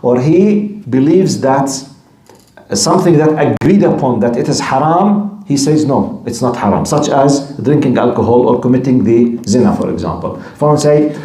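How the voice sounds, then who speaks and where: A man's voice: mid-range voice, expressive, normal speed, warm tone, echoey room. Emphatic man giving a religious lecture. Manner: switches between quoted Arabic and English explanation, emphatic and repetitive. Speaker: Islamic teacher.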